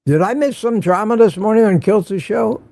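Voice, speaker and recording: Gravelly older man chatting with viewers. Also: high-pitched, moderate pace, mellow, dry recording, clean studio sound. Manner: chatty, greets viewers by name, wry asides. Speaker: livestream host. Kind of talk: casual morning livestream chat.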